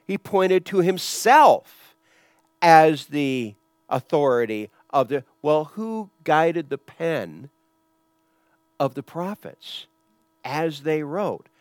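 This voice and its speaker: A male pastor works through scripture in an easygoing teaching sermon, posing rhetorical questions. His voice sits slightly high for a man and is recorded close and dry. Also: very animated, slow pace, dry recording. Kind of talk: expository sermon.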